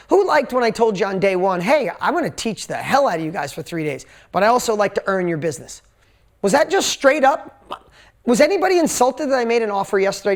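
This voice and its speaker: A man giving a sales talk to a live seminar audience, telling stories animatedly, acting out quotes and swearing casually. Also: sits high. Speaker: seminar speaker. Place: event stage before a live audience.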